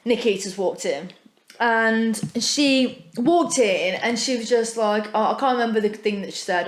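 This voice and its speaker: A British woman co-hosts a podcast and tells stories with animated energy, with casual swearing mixed in. The recording has a noticeably roomy echo. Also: on the high side, moderate pace. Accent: British English. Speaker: podcast co-host. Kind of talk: casual chat. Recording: echoey room.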